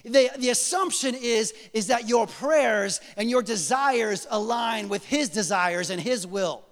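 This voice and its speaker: Animated high-voiced pastor preaching in a hall. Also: male voice, a little slow. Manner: animated, acts out prayers in different voices, joking asides. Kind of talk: sermon.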